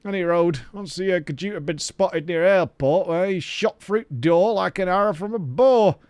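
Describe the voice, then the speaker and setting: A man voicing a worried, gruff male villager in a video game, speaking slowly in a rough dialect. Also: high voice, a little mellow, no echo, studio quality, lightly acted. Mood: pleading.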